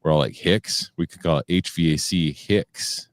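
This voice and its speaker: A man's voice: sits low, normal speed, no echo, clean studio sound. A man co-hosting a podcast over a video call, laid-back and jokey, often calling people dude. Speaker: podcast co-host. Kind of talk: casual banter on a video call.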